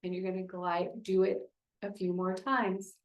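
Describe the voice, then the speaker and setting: A woman's voice: medium pitch, fairly even intonation, a little slow, echoey room, poor audio. A woman speech therapist leading a group through voice exercises, encouraging and explaining each step.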